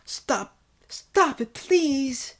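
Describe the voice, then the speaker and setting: A woman's voice: high-pitched, lively intonation, drawn-out words, pitched above the performer's own voice, exaggerated voice. A woman voicing a young woman in a game, pleading and strained with tears. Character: young woman, tearful and desperate.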